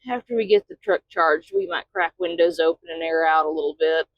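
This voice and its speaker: A woman's voice: deep voice, fairly even intonation, a little fast, dull audio. A woman truck driver chatting casually in a vlog from inside her truck cab, often talking to her cat.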